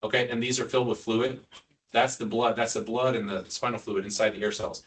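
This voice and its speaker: A man's voice: medium pitch, level tone, a little fast, distant mic. A man, a neurosurgeon, giving an informal teaching lecture to ICU staff, quizzing the room and joking as he goes. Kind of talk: casual teaching lecture with quiz questions.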